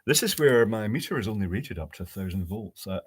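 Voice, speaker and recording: A man building a high-voltage circuit live at his workbench, thinking aloud, answering viewers' chat and dropping dry jokes. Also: animated, a little fast, husky. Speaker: electronics hobbyist host. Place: home electronics workbench.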